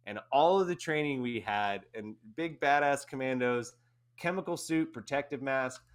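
A man, an army veteran guest, casually telling an animated anecdote and often laughing. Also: medium pitch, normal speed. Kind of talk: casual storytelling.

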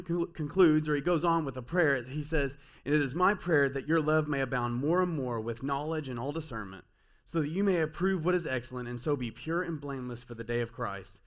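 A man preaching a sermon as pastor, conversational and earnest, with frequent restarts, swinging between emphatic peaks and quiet, softer passages. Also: medium pitch.

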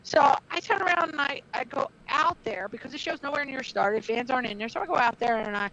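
A woman's voice: sits high, fast, fairly bright tone, slight background noise. A middle-aged woman and former wrestler telling a heated story in blunt, profane casual talk. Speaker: former wrestler, podcast guest. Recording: dull lo-fi recording.

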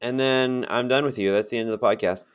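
A man's voice: mid-range voice, steady tone, fast talker, smooth. A man co-hosting a podcast in casual chat, rambling and chatty, laughing at his own stories. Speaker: podcast co-host.

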